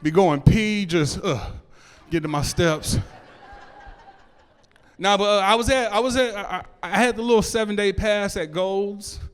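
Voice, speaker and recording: Here a man with a high-pitched, clean-toned voice does stand-up before a live club audience at a measured pace. He speaks loosely, stammering as he restarts and making asides to the crowd.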